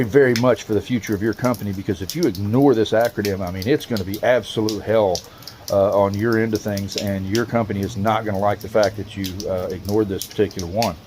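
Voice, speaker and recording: A man telling a long prank story in a rough, profane, teasing way, with drawn-out, mock-serious emphasis. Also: fairly low pitch, warm tone, slight background noise. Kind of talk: storytelling monologue.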